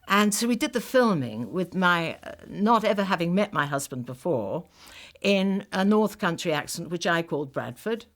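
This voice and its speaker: An actress recalls her early days in an interview, acting out the other voices as she goes. Her voice sits very low for a woman. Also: moderate pace. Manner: animated, acts out the dialogue. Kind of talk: anecdotal interview.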